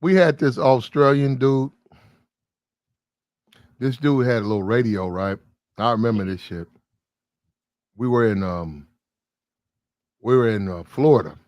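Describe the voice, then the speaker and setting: A man's voice: mid-range voice, unhurried, pauses often, no room sound, highs cut off. A man casually telling a long, profane anecdote, acting out the people in it. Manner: profane, animated anecdote with quoted voices. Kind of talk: casual storytelling chat.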